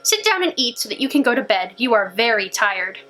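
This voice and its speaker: A woman's voice: a little high, sing-song, brisk, bright, forceful tone. A woman doing a fussing little old housekeeper.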